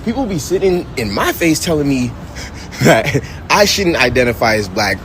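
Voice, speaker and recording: A man's voice: medium pitch, very animated, normal speed, a bit bright, a little hiss or hum, rough recording. A man from the United States speaking in a casual vlog rant, direct and exasperated.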